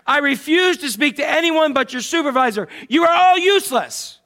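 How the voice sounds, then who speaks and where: A man doing a shrill, furious woman caller. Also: expressive, normal speed, full character voice. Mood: angry. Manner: shrill, yelling. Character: irate woman caller demanding the supervisor.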